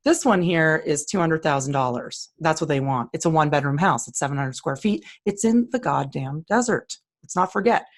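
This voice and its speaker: A woman with a low-pitched voice talks casually and bluntly. She walks through listings on screen, opinionated and plain-spoken. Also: expressive, normal speed, few pauses. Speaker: co-host. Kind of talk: casual screen-share commentary.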